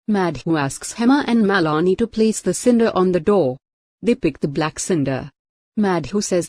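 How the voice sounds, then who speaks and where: A woman narrating a recap of a TV serial episode in a plain, even read-aloud way. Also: lowish voice, moderate pace, no room sound.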